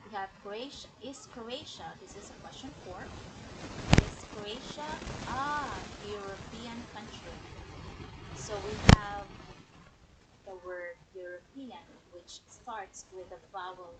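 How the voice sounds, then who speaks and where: A woman teaching an English grammar lesson on a livestream, explaining slowly and checking in with the viewers. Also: medium pitch, heavy background noise. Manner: slow, explanatory, checks in with "okay?".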